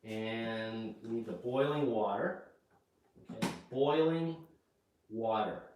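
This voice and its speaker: A man gives a slow, step-by-step English lesson, repeating key words and checking in with "okay?". His voice is recorded from across an echoey kitchen, so it sounds distant and roomy. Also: fairly low pitch, background noise. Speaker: English teacher. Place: home kitchen. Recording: echoey room, mic far off.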